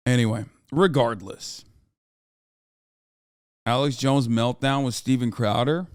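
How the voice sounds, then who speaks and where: A man's voice: mid-range voice, slow, clean tone, no room sound, clean studio sound. A man in his thirties giving casual, profane live-stream commentary on the news and reacting to his chat. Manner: brash, profane, riffing on chat.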